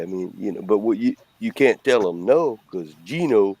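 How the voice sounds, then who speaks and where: A man's voice: lowish voice, expressive, normal speed, mellow, no echo. A man in casual chat, talking bluntly and swearing freely.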